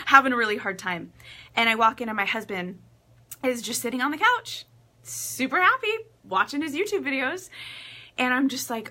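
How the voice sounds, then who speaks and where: A woman relationship coach telling a personal story to camera in a casual, animated way, acting out quotes and getting emotional. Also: a little high, moderate pace. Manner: laughs often, emotional.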